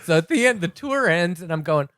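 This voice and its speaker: A middle-aged man, a comedy writer, telling anecdotes in a casual podcast chat with dry, deadpan wit. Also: high-pitched, brisk.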